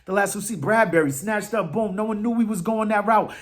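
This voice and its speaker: A man hosting a fan podcast, talking football in a casual, animated, trash-talking way, full of slang and fillers. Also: high-pitched, fairly quick.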